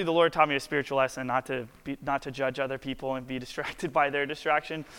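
A man's voice: fairly high pitch, fairly bright tone, clean tone. A man in his twenties, a worship pastor telling a story in a casual, chatty sermon full of filler words. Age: 20s. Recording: long hall reverb.

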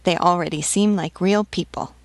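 A sturdy army canteen-keeper, brisk and soldierly with an undertone of kindness, as a woman reads her. The voice is low and gravelly, recorded dry and close. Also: no room sound, lightly acted. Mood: kindly. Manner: brisk yet gentle.

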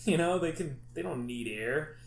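A man chatting casually, retelling a comic story in a rambling, excitable way with lots of fillers and swearing. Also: fairly high pitch, normal speed, gravelly. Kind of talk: casual chat. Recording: echoey room with faint background noise.

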